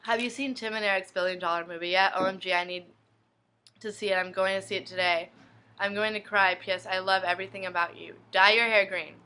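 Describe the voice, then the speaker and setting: A woman's voice: mid-range voice, steady tone, a little fast, pushed and bright, smooth. A young woman blogger reading inbox messages aloud one after another, in a plain reading manner. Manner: reads each message in turn, plainly.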